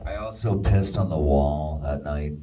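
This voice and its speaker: A man's voice: very deep voice, measured pace. A man in his forties telling crude, self-mocking jokes at his own birthday party. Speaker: birthday guest of honor. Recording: distant mic in a loud crowd.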